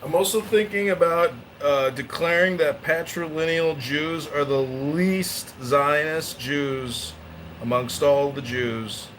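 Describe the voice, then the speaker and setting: A man's voice: slow, fairly bright tone, low-quality recording. Rambling man chatting, faint hiss. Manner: rambling storyteller with bursts of high-pitched mimicry. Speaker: podcast host. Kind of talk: casual group chat.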